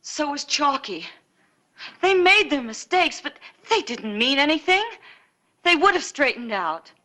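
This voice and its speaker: A defiant pleading sister. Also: female voice, high-pitched, sing-song, unhurried, pushed and bright, heavily acted. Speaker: sister of a dying outlaw. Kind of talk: 1950s TV western acting.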